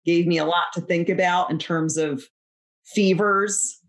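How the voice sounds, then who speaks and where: A woman guest in casual podcast banter, joking with a deadpan, mock-earnest delivery. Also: on the low side, unhurried.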